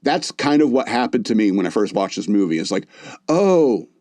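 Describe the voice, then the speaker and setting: A man's voice: lowish voice, expressive, fast, a little mellow, dry recording. A man hosting a podcast, chatting loosely about a movie with lots of fillers and restarts. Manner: rambling, loose delivery with many fillers and restarts. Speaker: podcast host. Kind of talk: casual movie review chat.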